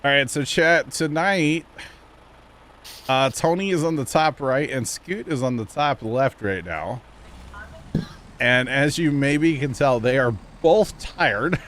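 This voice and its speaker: A man's voice: mid-range voice, slow, a bit bright, slight background noise. A man hosting a gameplay livestream, chatting and joking with viewers and teammates. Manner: chatty, jokey, talks to viewers. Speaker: livestream host. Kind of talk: casual gameplay chat.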